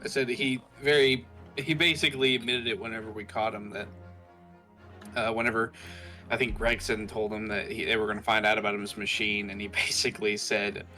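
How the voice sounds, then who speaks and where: A man's voice: lowish voice, level tone, a little fast, bright, forceful tone. A man co-streaming a courtroom game, chatting casually and laughing often. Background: background game music.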